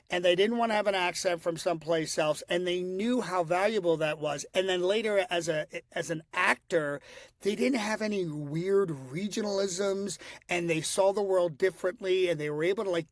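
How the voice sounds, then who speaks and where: A middle-aged man, a voice coach, chatting animatedly on a podcast and slipping into quick impressions. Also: high voice, dry recording, clean studio sound. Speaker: guest voice coach. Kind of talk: podcast conversation.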